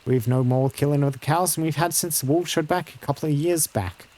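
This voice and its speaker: A man's voice: a little high, a little fast, a little mellow, natural voice. A man doing a gloomy folksy cattle herder. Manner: folksy, rambling, ungrammatical country talk. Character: rustic middle-aged male cattle herder, gloomy.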